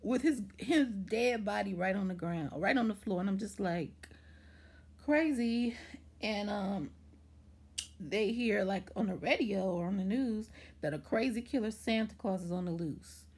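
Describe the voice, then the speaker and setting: A woman's voice: medium pitch, a little slow, husky. A woman casually recapping a TV episode in a chatty, rambling way, full of fillers and acted-out quotes. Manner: chatty, rambling, lots of "like" and "anywho"; animated retelling with acted-out quotes. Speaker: TV show reviewer.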